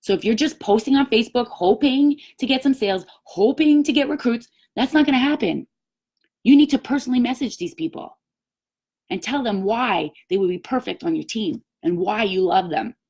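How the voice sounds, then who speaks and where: A woman's voice: fairly high pitch, expressive, normal speed, darkish tone, breathy edge. A woman giving a live-streamed sales coaching talk as team leader, emphatic and upbeat, acting out little quoted chats. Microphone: webcam or phone, live stream.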